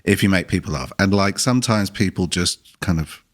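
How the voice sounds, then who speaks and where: A man's voice: deep voice, a little fast. A man co-hosting a podcast, talking things through casually with restarts. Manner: animated, thinking aloud with restarts. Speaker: podcast host.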